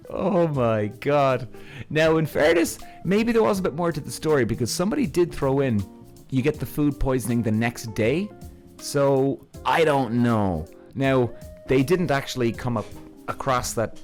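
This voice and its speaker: A man's voice: medium pitch, darkish tone. A man hosting a podcast, telling stories in a casual, frank way, chuckling often and swearing freely. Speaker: podcast host. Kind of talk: casual storytelling.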